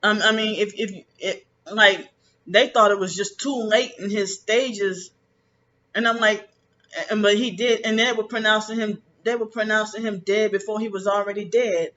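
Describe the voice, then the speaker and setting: A man talking in a casual personal monologue, rambling and halting with many restarts, bitter and resentful about his family. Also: high-pitched, fairly even intonation, sharp tone. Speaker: vlogger. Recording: dull lo-fi with faint background noise.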